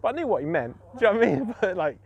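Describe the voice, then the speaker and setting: A man's voice: high voice, big pitch swings, racing, dull audio. A man chatting casually on his fishing live stream as host, self-mocking and full of fillers and restarts.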